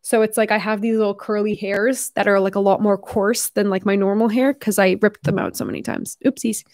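A woman's voice: mid-range voice, little pitch movement, brisk, darkish tone, dry recording, clean studio sound. A young woman live streaming in casual chat, talking a lot with "like" and casual swearing, her voice tiring from hours of talking. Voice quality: chatty, lots of "like", casual swearing.

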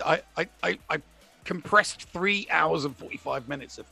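Man, co-host, stammering, gravelly and husky, faint music behind. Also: on the high side, moderate pace, bright, forceful tone. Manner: stammering, repeats words as he starts sentences. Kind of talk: casual livestream chat.

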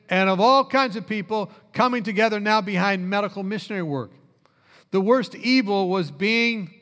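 A man preaches in a church, his voice set high. He tells stories with animation and drops low and quiet when quoting people. His voice carries a long reverb from the hall. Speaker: pastor. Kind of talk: sermon storytelling.

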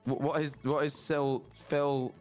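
A man with a deep, rough voice chatting casually over gaming voice chat, replying in a playful, mock-offended way. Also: little pitch movement, unhurried, a little mellow, faint music behind. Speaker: fellow competitor.

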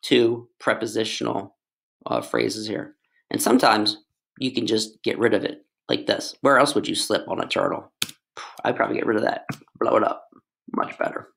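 A man's voice: lowish voice, animated, normal speed, gravelly, a bit bright. A man tutoring English, explaining grammar in a casual, playful way with jokes and asides to his students.

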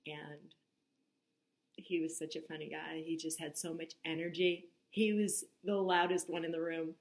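A woman in her forties, a meditation teacher, talking casually to her viewers, chatty and laughing, with soft whispery asides. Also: deep voice, level tone, normal speed. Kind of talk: casual vlog monologue.

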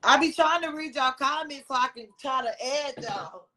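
High bright-voiced woman hosting a livestream. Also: moderate pace. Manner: chatty and loose, drops slang. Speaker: livestream host. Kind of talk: casual live video chat.

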